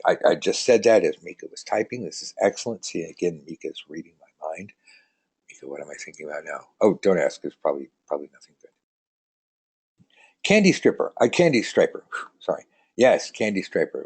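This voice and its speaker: Man, tarot teacher, live online lesson, chatty, joking, low voice. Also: a little mellow, husky. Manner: chatty, rambling, joking, reads out viewer comments.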